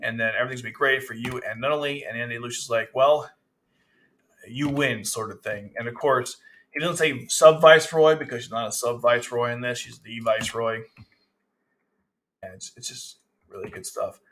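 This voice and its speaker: A man's voice: mid-range voice, steady tone, a little fast, fairly bright tone. A man casually reviewing a manga chapter, rambling, with frequent restarts. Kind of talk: casual commentary.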